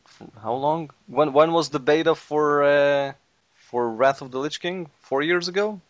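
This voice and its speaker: A man's voice: fairly high pitch, a little slow, no echo. A man hosting a casual podcast, rambling in an offhand way and laughing easily. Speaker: podcast host.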